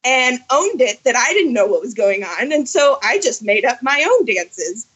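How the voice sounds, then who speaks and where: Bubbly high-voiced woman guest. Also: big pitch swings, normal speed, fairly bright tone, husky, dull audio. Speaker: listener guest. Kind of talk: casual chat.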